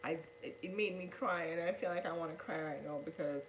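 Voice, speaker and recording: A woman's low-leaning voice moves a little fast as she tells viewers her coming-out story, earnest and repetitive, often saying "guys." The audio is poor, with slight background noise, and the storytelling is emotional and aimed at the camera.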